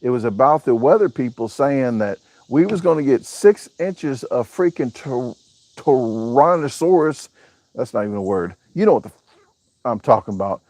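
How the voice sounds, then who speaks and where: A man's voice: mid-range voice, lively intonation, normal speed, a little mellow, no echo. A man, hosting a casual live chat, reading out viewer comments and joking as he rambles. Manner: joking, rambling, with a southern-US way of talking. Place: home, showing a backyard on camera.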